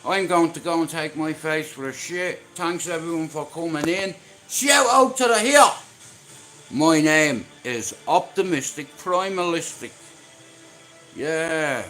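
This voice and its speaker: A man's voice: a little high, takes it slowly, bright, forceful tone, faint music behind. A middle-aged Irish man talking on his live stream in a blunt, rambling way, swearing freely.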